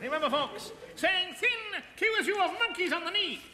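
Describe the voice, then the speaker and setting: A man playing a short, fat, round comic figure in a 1950s radio comedy, with a squeaky, giddy voice. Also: animated, normal speed, bright, forceful tone, exaggerated voice. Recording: echoey old radio broadcast.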